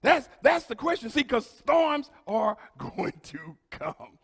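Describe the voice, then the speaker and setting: High-voiced preaching man in a hall. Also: sing-song, slow pace, gravelly, slightly rough. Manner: preaching with rising shouts and quiet asides. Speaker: pastor. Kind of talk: sermon.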